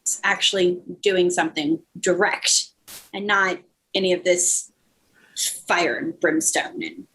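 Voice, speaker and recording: A woman's voice: lowish voice, fairly even intonation, unhurried, fairly bright tone, breathy edge. A woman voicing a young female activist who talks in a casual, chatty, upbeat way. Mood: earnest.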